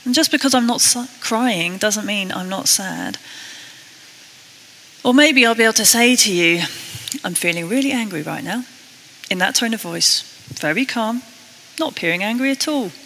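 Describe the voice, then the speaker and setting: British woman, sermon, bright clear tone, earnest, long hall reverb. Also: fairly high pitch, lively intonation, slight background noise. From Britain. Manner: earnest, self-deprecating, reads scripture slowly. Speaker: preacher.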